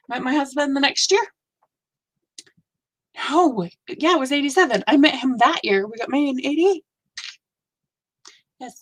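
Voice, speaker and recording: A woman in her fifties hosting a casual live stream, gushing warmly over viewers' work with effusive reactions. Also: sits high, moderate pace, pauses often. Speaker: host of a live stitching show.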